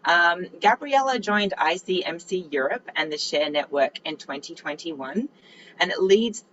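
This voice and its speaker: A woman's voice: deep voice, a bit bright, slight background noise. Australian woman moderating an online workshop. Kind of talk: introducing speakers in an online workshop. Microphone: video call. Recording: muffled video-call audio.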